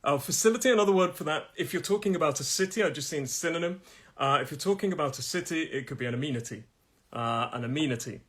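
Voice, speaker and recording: British male teacher, live phone stream, husky, slightly higher voice, chatty. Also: a bit bright. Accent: British English. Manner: chatty, repeats words slowly with stress, laughs often. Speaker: English pronunciation teacher. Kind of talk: live-streamed language lesson.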